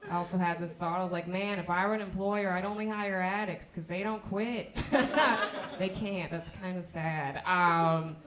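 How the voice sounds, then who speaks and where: Young woman, stand-up comic, giggling between lines, halting restarts, echoey club room. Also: fairly low pitch, steady tone, a crowd in the background. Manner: laughs at her own jokes, halting restarts. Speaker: stand-up comedian. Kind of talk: stand-up set. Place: comedy club stage.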